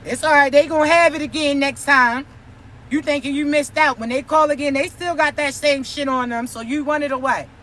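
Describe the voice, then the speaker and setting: A woman's voice: high-pitched, steady tone, brisk, a bit bright, slight background noise. A woman giving a spiritual reading, delivered as a brash, profane, teasing scolding. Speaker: spiritual reader. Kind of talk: spiritual warning rant.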